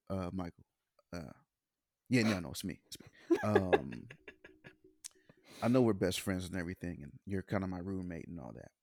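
A man doing a casting boss who speaks low, hushed and hesitant, breaking bad news as gently as he can. The voice sits deep and quiet, with a dry, close sound. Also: creaky, dry recording.

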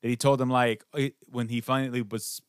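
A man's voice: medium pitch, flat delivery, fairly quick, clear, resonant tone, dry recording, clean studio sound. Easygoing man hosting a podcast. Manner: laid-back, laughing, profane. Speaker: podcast host. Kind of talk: casual chat.

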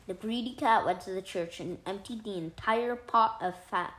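A woman reading a fairy tale aloud in a calm, measured storytelling manner. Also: mid-range voice. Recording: roomy echo.

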